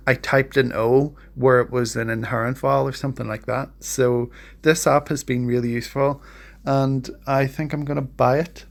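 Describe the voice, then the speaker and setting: Gravelly-voiced man in a relaxed how-to vlog. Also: medium pitch. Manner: relaxed, rambling, self-deprecating; hesitant when sounding out words. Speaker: language learner vlogger. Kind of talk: casual screen-share tutorial. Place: at a home computer.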